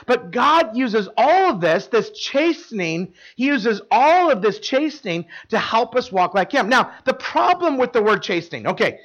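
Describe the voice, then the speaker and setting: Before a live congregation, a pastor delivers a relaxed, chatty sermon, often questioning the crowd and relying on fillers such as "like." He has a very high, sing-song voice that is slightly bright, keeps a moderate pace with hardly any pauses, and the audio sounds dull.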